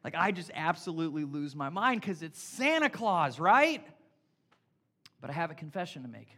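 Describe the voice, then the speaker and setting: A man preaching a casual, playful sermon as pastor, energetic and talking straight to his congregation. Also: on the high side, moderate pace. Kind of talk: conversational sermon.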